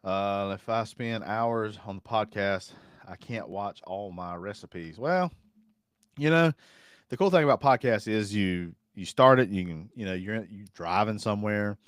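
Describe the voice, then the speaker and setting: A man's voice: fairly low pitch, measured pace, clear, resonant tone, dry recording, clean studio sound. A man hosting a casual live stream, rambling in a folksy way and reading viewer comments aloud. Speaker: host.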